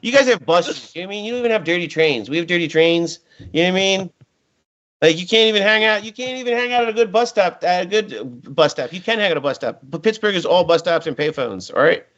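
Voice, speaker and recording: A man voicing a brash, loudmouthed male stuffed bear sports fan, mocking in a rambling way. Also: high voice, expressive, quick pace. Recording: muffled lo-fi audio.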